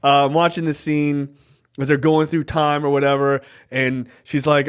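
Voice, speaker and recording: A man's voice: a little high, level tone, normal speed, clean tone. A man in his thirties co-hosting a podcast, casually retelling a movie with lots of swearing and laid-back storytelling. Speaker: podcast co-host. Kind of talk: casual movie review chat.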